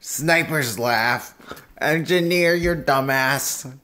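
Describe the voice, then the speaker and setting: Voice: mid-range voice, slow pace, sharp tone. A reaction video host giving profane, mocking commentary in a put-on voice, laughing often. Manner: doing a put-on voice. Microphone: headphones with a desk mic.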